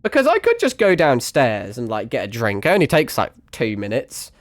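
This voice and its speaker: A man's voice: mid-range voice, huge pitch swings, moderate pace, no room sound. A young man streaming a game, chatting casually, swearing freely and mocking himself, his voice a bit strained from hours of talking. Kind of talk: casual live-stream gaming chat.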